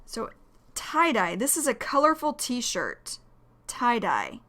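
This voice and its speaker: Slow, patient woman teaching English. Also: a little high, huge pitch swings, pushed and bright. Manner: explains words slowly, repeating them. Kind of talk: slow, careful vocabulary lesson.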